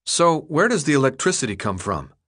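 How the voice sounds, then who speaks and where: A restless teenage boy with no memory, pressing earnest question after question. A man reads him in an audiobook. His voice sits a little high and moves around a lot. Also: very animated, fairly quick, fairly bright tone. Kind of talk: audiobook character voice.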